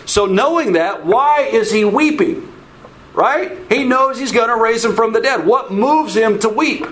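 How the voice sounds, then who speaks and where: High-voiced man teaching a Bible study. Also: animated, a little slow, a bit bright, rough recording. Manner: informal, repeats words, checks in with "okay?"; asks the audience questions.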